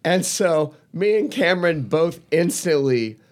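Man, podcast co-host, crude storyteller, slightly high voice, casual banter. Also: expressive, measured pace. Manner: crude storytelling, laughs through his punchlines.

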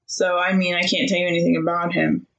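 A woman chatting casually with her husband, talkative, with many "like" fillers and quick laughs. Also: on the low side, little pitch movement, gravelly, fairly bright tone, lo-fi sound. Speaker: co-host talking with her husband. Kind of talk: casual chat.

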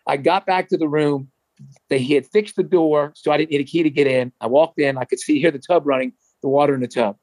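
A middle-aged man from New Jersey, a former marathon runner, telling a story in a chatty, animated way. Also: fairly high pitch, fairly quick, no room sound, rough recording. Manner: animated, chatty, frequent restarts and laughs. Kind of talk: casual storytelling.

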